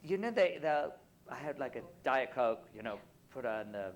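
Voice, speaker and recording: Animated, teasing male storyteller on stage. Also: mid-range voice, moderate pace. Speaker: guest speaker, publicist. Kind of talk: casual convention Q&A storytelling. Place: convention stage.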